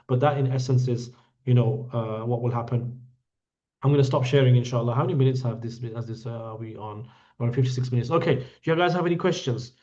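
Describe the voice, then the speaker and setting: The dull, lo-fi recording carries a man's dark, mid-range voice at a quick pace. He's a hajj tour guide answering his group's questions online, bluntly, with teasing jokes and some scolding.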